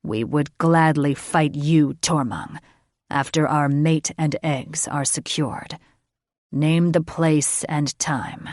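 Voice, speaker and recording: A woman voicing a cautious young male dragon shifter who pleads in a low, tense voice. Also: unhurried, dry recording, clean studio sound, heavily acted. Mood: anxious.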